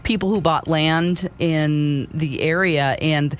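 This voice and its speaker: A woman co-hosting a casual talk show, telling stories in a chatty way. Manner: chatty storyteller, lively swooping pitch, quick laughs. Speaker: radio co-host. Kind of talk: casual chat.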